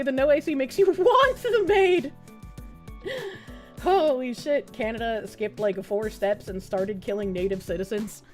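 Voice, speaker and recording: A brash woman streamer from New England rants and reads chat messages with frequent laughter. Her voice is high and swings widely in pitch. Faint music plays in the background. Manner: brash, profane, laughing often. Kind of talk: casual live-stream chat, reading chat messages.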